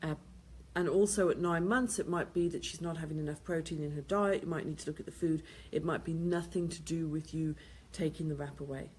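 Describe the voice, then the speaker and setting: A woman's voice: sits low, steady tone, fairly quick, darkish tone, slight background noise. Tired woman giving baby-sleep advice. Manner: plain practical advice, repeats points, reads questions aloud. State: tired, yawning. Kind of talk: answering viewer questions.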